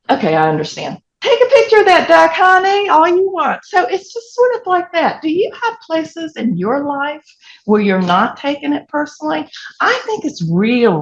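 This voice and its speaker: A woman pastor with a Southern US accent, delivering a sermon in an animated storytelling way with laughing asides. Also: mid-range voice, dull audio.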